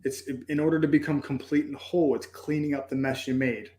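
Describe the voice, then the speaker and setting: A man's voice: fairly high pitch, flat delivery, brisk, darkish tone, echoey room, slight background noise. A man speaking earnestly and reflectively as a podcast guest, telling a personal story.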